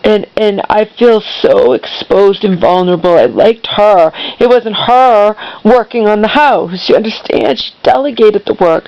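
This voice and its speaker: A woman's voice: mid-range voice, a little slow, vocal fry, muffled recording. A woman vlogger venting in a heated, swearing, repetitive monologue.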